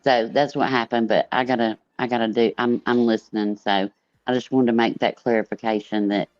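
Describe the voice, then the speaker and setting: A woman's voice: a bass voice, fairly even intonation, a little fast, darkish tone. A woman with a Southern accent, chatting loosely and repeating herself as a guest on a livestream panel. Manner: rambling, repeats herself, says y'all. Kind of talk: casual livestream panel chat. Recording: muffled, dry online call audio.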